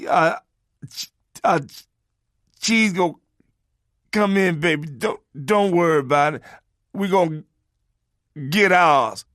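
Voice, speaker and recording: A man's voice: on the high side, takes it slowly, long pauses, a bit bright, dry recording, studio quality, voice pushed up. A man voicing a stammering, uneducated man bragging to his woman. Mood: boastful.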